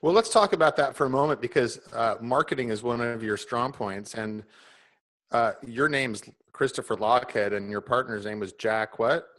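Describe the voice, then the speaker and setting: Lively teasing male co-host. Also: medium pitch, normal speed. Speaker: podcast co-host. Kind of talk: casual storytelling chat.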